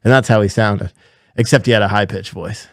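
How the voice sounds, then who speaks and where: A man telling a gym story in a put-on Southern accent, excited and profane. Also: on the low side, a little fast, no room sound, studio quality, voice pushed down, close to an everyday voice. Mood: amused. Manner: excited, profane, laughing, animated. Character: himself as a worked-up Southern gym guy. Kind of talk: comic storytelling.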